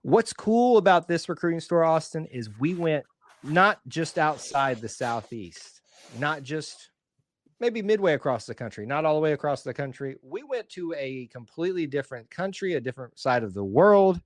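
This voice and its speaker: A man's voice: on the high side, expressive, moderate pace, dry recording, studio quality. Rambling Alabama-accented man on a podcast. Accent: Southern US, Alabama. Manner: rambling, joking, self-deprecating. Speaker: podcast co-host. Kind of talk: casual sports podcast chat.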